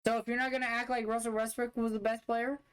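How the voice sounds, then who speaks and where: A man's voice: very high-pitched, level tone, fast talker, fairly bright tone, clear, resonant tone. A young man streamer giving blunt, dismissive, profane commentary while reacting to game footage. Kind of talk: casual livestream commentary.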